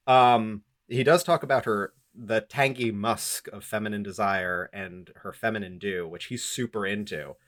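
A man with a fairly low voice recaps a novel for a podcast. He is sarcastic and rambling, with lots of fillers and swearing. The tone stays casual and loose throughout. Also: moderate pace, hardly any pauses, a bit bright. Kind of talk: casual, profane book-recap chat.

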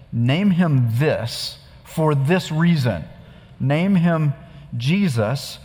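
A pastor giving a sermon in a conversational, storytelling way, with rhetorical questions to the congregation. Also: male voice, mid-range voice, long reverb tail.

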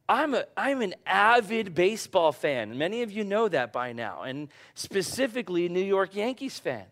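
A middle-aged man preaching a conversational sermon, growing animated as he tells personal stories. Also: high voice, normal speed, hardly any pauses. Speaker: pastor.

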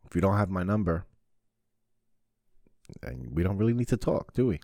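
Low-voiced profane podcast host. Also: male voice, very animated, normal speed, dark tone, no echo, studio quality. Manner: profane, rambling, sarcastic rants. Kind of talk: casual solo podcast monologue.

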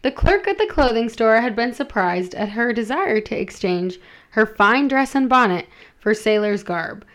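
A woman's voice: a little high, animated, normal speed, fairly bright tone. A woman hosting a podcast, reading a romance story aloud and stopping for self-deprecating asides about her pronunciation. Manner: self-deprecating, laughs at her own slips. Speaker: podcast host and reader.

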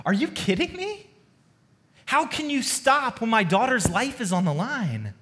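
A man's voice: very high-pitched, big pitch swings, unhurried, sharp tone, pitched above the performer's own voice, full character voice. A man playing a desperate, frantic father. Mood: exasperated. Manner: exasperated, pleading.

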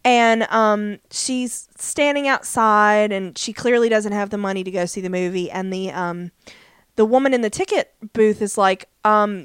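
A woman's voice: medium pitch, moderate pace, clean tone, dry recording. A woman co-hosting a podcast, chatting casually as she recaps a TV episode with lots of fillers. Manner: chatty, many fillers, acts out quotes. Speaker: podcast co-host.

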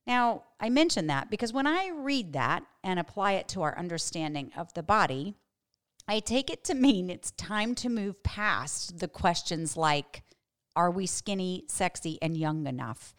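Lady doing a bible teaching podcast, kinda low voice, earnest, leans hard on key words. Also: expressive. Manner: earnest, emphatic, slows down to stress key words.

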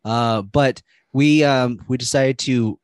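A male co-host chatting loosely about movies, full of "um"s and asides. His voice is mid-pitched and sits very dry and close. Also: fairly even intonation, slow pace, dry recording. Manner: rambling, filler-heavy, laughs often. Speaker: podcast co-host. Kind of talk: casual movie-podcast chat.

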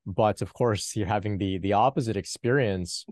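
A man hosting a spiritual Q&A on a video call, talking gently and reassuringly with many fillers and restarts. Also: fairly low pitch, moderate pace, dry recording. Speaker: Kundalini Q&A host. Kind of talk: spiritual teaching chat.

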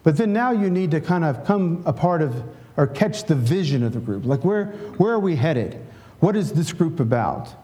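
A man's voice: on the high side, big pitch swings, moderate pace, dark tone. A middle-aged male pastor giving a conversational sermon, often checking in with "right?" and leading a prayer.

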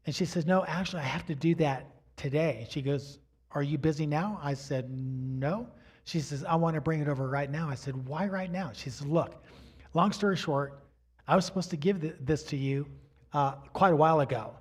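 A man's voice: fairly high pitch, moderate pace, breathy edge. A middle-aged man preaching a sermon as a pastor, telling stories in a chatty way and acting out the dialogue. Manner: animated storyteller acting out dialogue; chatty, asks "right?" and "you know". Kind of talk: storytelling sermon.

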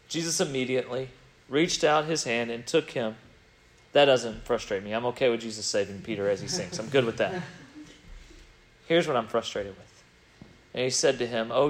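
A man preaching a sermon in an animated way, swinging between loud emphasis and quiet, reflective stretches. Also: mid-range voice.

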